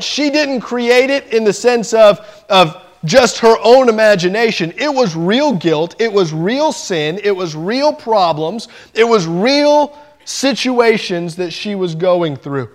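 A male preacher delivering a sermon with a voice set high for a man. He tells his story in an animated way, slowing down and leaning on key phrases for emphasis.

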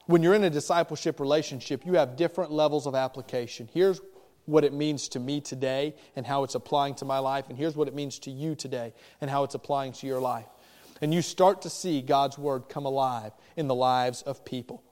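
A pastor preaching a sermon, with animated, emphatic delivery and rising questions. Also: male voice, on the high side, normal speed, long reverb tail.

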